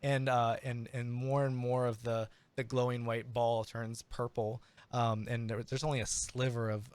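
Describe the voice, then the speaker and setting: A man narrating a tabletop game as game master, animated and full of restarts. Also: mid-range voice, clean tone. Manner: animated, many restarts and fillers.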